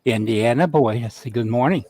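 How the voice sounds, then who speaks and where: A man co-hosting a casual chat, adding brief, relaxed comments from off to the side. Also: medium pitch, moderate pace, no echo. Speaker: co-host off to the side.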